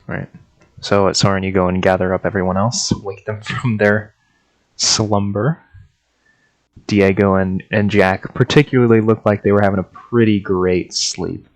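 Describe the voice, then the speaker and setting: A man narrating as game master of a tabletop game, relaxed and laughing often. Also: lowish voice, normal speed, poor audio.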